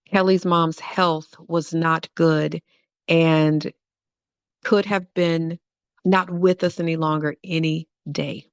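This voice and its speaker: A woman's voice: sits low, steady tone, takes it slowly, smooth, no echo, dull audio. A woman hosting a podcast, telling a personal story in an earnest way and repeating phrases for emphasis. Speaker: podcast host.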